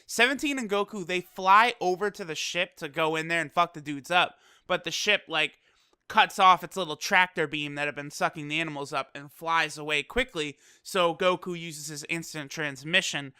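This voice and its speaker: Bright, smooth-voiced anime reviewer. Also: mid-range voice, normal speed, no echo, clean studio sound. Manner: chatty, swears casually, laughs easily; loose, full of fillers like "you know". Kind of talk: casual episode recap and review.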